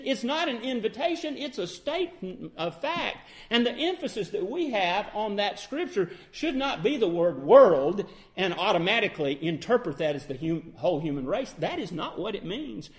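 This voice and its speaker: A man preaching a sermon, reading old-style scripture in a measured cadence and swinging between emphatic declarations and low, slow passages. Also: sing-song.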